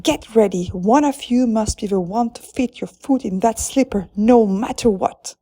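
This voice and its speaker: A woman's voice: fairly high pitch, sing-song, a little slow, dark tone, dry recording, exaggerated voice. A woman voicing a scheming, bossy stepmother who barks orders and hisses, in a storybook reading. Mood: commanding. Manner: barking, hissing.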